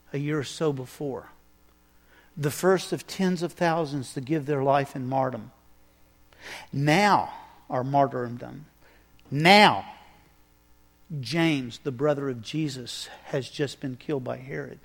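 A man preaching a sermon, telling a story with animated delivery and acting out the scenes. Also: mid-range voice, slow pace, gravelly, long pauses. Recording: echoey hall reverb.

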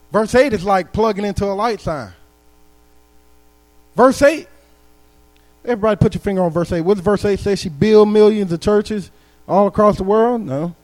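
A man preaching a sermon in a church, building to emphatic calls to the congregation. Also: high voice. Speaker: guest preacher. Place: church sanctuary.

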